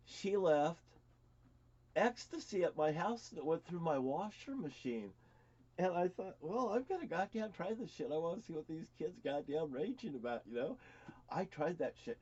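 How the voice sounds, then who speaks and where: A man's voice: on the high side, warm tone, dull audio. A middle-aged man telling personal stories in a rambling, profane vlog monologue, stammering and repeating words. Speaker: vlogger.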